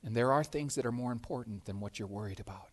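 A man's voice: mid-range voice, fast talker, husky. A male pastor preaching a sermon in a conversational way, often repeating words and acting out little scenes.

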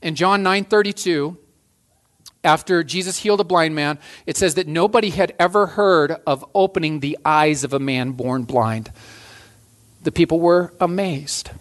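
A man with a fairly high voice preaching a sermon. He talks in an earnest way, restarts phrases and repeats key lines for weight. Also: normal speed. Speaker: pastor.

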